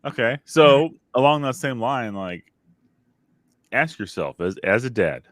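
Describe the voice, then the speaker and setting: A man's voice: mid-range voice, lively intonation, measured pace, fairly bright tone, dry recording. A man co-hosting a faith-based parenting podcast, talking in an earnest, reflective way and putting questions to the listener. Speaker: podcast co-host.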